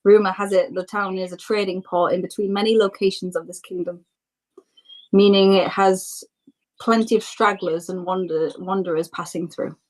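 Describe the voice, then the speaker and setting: Woman, game master, descriptive narration, relaxed, mid-pitched voice. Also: moderate pace, poor audio. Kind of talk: narrating a tabletop role-playing game.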